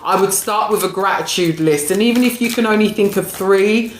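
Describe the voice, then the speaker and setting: Talking a little fast in a mid-range voice, a spiritual reader and coach streams an oracle reading live. Warm and affectionate, she calls viewers darling and sweetie, keeps checking "right?", and laughs often, recorded in an echoey room with faint background noise.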